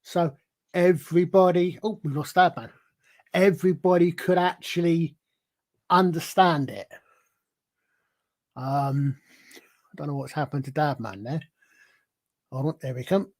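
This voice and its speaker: A man's voice: fairly high pitch, measured pace, pauses often. A man hosting a casual live-stream discussion, rambling with many restarts and fillers. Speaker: stream host.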